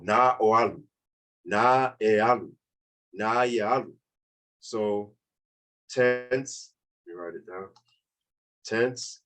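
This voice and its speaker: In a rough recording, a man with a lowish voice runs an online beginners' language class. He explains grammar in a relaxed way, going over points again and checking in with "okay?"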